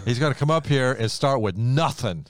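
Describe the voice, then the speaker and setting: A middle-aged man hosting a podcast, telling a Bible story in a lively way and acting out the quoted lines. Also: medium pitch, moderate pace. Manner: animated storyteller who acts out the quoted lines. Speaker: podcast host. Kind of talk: casual Bible storytelling chat.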